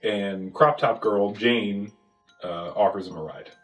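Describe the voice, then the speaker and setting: A man with a fairly low voice talks through a film recap with loose, animated energy, jumping into goofy character voices as he goes. The room has a noticeable echo, and faint music plays underneath. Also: takes it slowly. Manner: animated, acts out scenes in silly voices. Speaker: podcast host. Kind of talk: casual movie recap chat.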